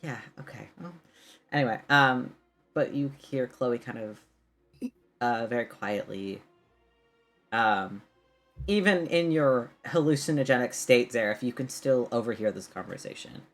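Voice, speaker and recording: A man's voice: medium pitch, measured pace, a bit bright, soft background music. Casual man running a tabletop game. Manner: casual, many fillers, laughing narration. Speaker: game master.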